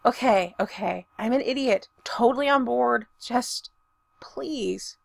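A jittery, flustered young man, voiced by a woman reading aloud runs his words together in shrill, babbling bursts. The voice sits high, with a gravelly edge, in a dry, close recording. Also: slow pace, no room sound, exaggerated voice. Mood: breathless.

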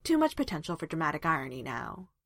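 A gruff, guarded man with a dry wisecracking humor, as a woman puts him on. The tone stays breathy and lively in pitch, recorded close and dry. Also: fast talker, dry recording, exaggerated voice. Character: wry, gruff male storyteller, guarded.

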